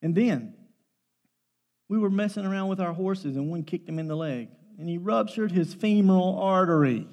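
A man's voice: high voice, lively intonation, normal speed, darkish tone. A middle-aged man preaching a sermon, telling family stories in a folksy way with emphatic bursts.

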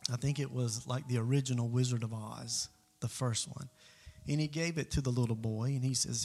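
Gravelly man preaching a story. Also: mid-range voice, steady tone, moderate pace, darkish tone, soft background music. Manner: conversational, earnest. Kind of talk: sermon storytelling.

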